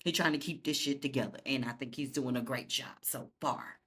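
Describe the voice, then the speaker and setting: A woman's voice: rumbling low, fairly quick. A woman giving a casual episode recap to her viewers in a slangy, profane way that speaks straight to them.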